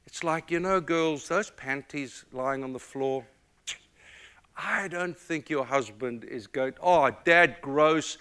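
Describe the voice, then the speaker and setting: Middle-aged male pastor from Africa; bright, forceful sermon delivery with big dynamic swings. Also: mid-range voice, expressive, slow pace, smooth. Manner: dynamic preaching, swings from loud emphatic to hushed and tender.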